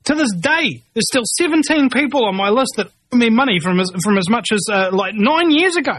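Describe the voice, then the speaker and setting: A man rants in a high, tight voice. He rambles and keeps restarting his sentences. The sound is close and dry, with no room in it. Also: animated, brisk, fairly bright tone, no room sound. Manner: agitated, rambling, full of restarts. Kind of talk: ranting monologue.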